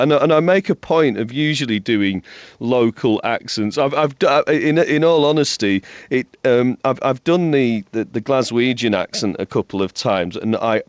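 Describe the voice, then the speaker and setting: A man's voice: mid-range voice, smooth, no room sound, lo-fi sound. A male singer, a guest in an interview, talking casually with a self-deprecating manner and frequent restarts.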